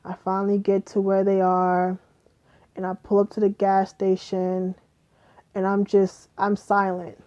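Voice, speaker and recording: Young woman, casual storytime vlog, swears a lot, mellow tone, dull lo-fi audio. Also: mid-range voice, measured pace, clean tone. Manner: profane, animated retelling with quoted dialogue. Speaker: vlogger.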